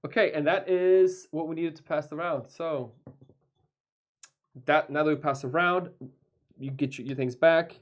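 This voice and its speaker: A man's voice: a little high, fairly even intonation, a little slow, long pauses. A man playing a tabletop board game, counting dice aloud and coaching his partner through the rules in casual chat.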